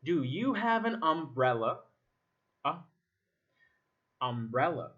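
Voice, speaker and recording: A man from Egypt, a native Arabic speaker, teaching English pronunciation. He repeats single words slowly to contrast vowel sounds. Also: on the high side, very animated, fairly bright tone. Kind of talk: slow drilling of vowel sounds, repeat-after-me. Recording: slightly dull lo-fi sound.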